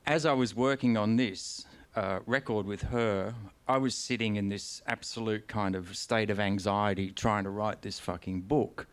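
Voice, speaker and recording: An Australian man with a somewhat low voice tells his stories on stage. He rambles and restarts often, swears casually, and sounds candid and unpolished, as in a live conversation in front of an audience. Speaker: guest author. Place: stage of a concert venue.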